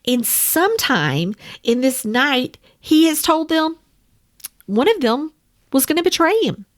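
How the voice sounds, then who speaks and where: A woman's voice: high voice, sing-song, unhurried. A woman teaching a Bible study in a conversational way, speaking to her listeners as friends. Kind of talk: casual teaching.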